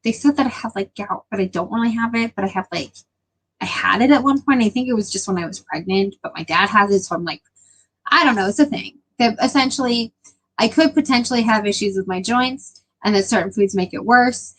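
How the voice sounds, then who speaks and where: A woman's voice: mid-range voice, fairly quick, fairly bright tone, rough recording. A young adult woman chatting casually with her live stream viewers, rambling with lots of filler words.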